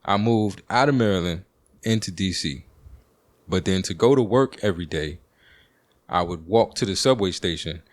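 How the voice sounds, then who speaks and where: A podcast host with a D.C. talks in a deep, low register and tells a loose story. He uses slang and plenty of fillers. The recording is dry and close, with no room sound. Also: normal speed, dry recording. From Washington, D.C. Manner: rambling, with slang and frequent fillers. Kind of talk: casual storytelling monologue.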